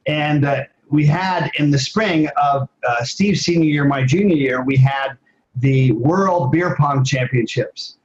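An older man in his sixties, an interview guest, telling personal stories in a rambling, casual way with frequent pauses. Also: a little high, dull audio. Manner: rambling, with many fillers and restarts. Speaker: guest, former athlete and advocate.

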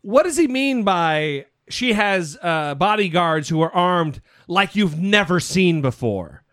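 A man's voice: high-pitched, animated, takes it slowly, fairly bright tone, no room sound, studio quality. A male podcast co-host giving sarcastic, incredulous political commentary.

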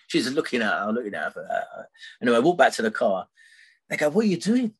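A man's voice: mid-range voice, big pitch swings, brisk, husky. A middle-aged man tells a personal story as a podcast guest, rambling and often tagging his sentences with "right?". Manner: rambling, tags sentences with "right?", many fillers.

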